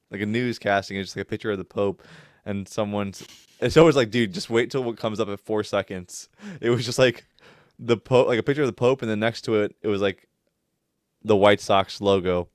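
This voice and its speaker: A man's voice: lowish voice, fairly even intonation, moderate pace, clear, resonant tone, dry recording, studio quality. A man co-hosting a casual sports podcast, laid-back, with many fillers and short agreeing replies. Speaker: podcast co-host.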